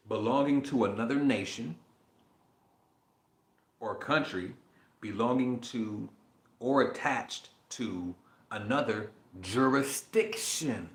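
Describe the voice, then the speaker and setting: A man with a lowish but bright, forceful voice, swearing freely as he reads aloud and riffs. His voice bounces around an echoey room. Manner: profane, animated, riffing between read passages. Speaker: podcast host. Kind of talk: casual monologue reading aloud.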